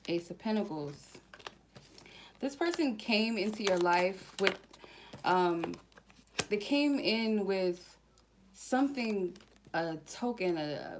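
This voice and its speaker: A woman giving a casual tarot reading to her viewers, chatty and slangy, slowly reading out card keywords one by one. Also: mid-range voice, animated, slight background noise. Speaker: tarot reader.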